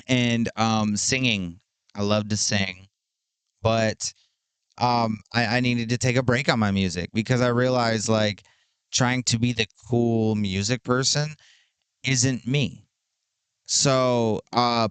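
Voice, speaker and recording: A man in his thirties hosting a solo podcast, talking in a slow, drawn-out and self-affirming way, full of sassy slang and swearing. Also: medium pitch, smooth, dry recording. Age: 30s. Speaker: podcast host. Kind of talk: casual solo podcast monologue.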